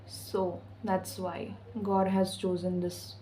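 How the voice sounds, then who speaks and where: Casting note: a woman with a low, flat voice, easygoing and sassy as a spiritual vlogger, profane slang throughout. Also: slow, slight background noise, poor audio. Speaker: intuitive spiritual channeler. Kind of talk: casual spiritual message vlog.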